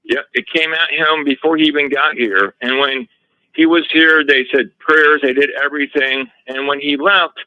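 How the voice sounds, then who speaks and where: A man being interviewed as a guest, telling a story from his own home in a casual, animated way, with frequent restarts and retold dialogue. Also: fairly high pitch, moderate pace, smooth, no echo. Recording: slightly dull lo-fi audio.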